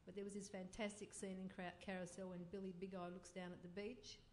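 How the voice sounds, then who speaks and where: A woman in her sixties, a playwright on a festival panel, recalling her past in a steady, measured way. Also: medium pitch, a little hiss or hum. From Australia.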